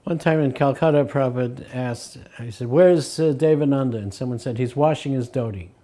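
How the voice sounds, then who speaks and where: An older man sharing remembered anecdotes, his voice mellow and dark. He slips into quoted voices and lets a chuckle through as he goes. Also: medium pitch, brisk. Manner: acts out quoted voices, chuckles between stories. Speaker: devotee recalling memories. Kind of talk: anecdotal storytelling.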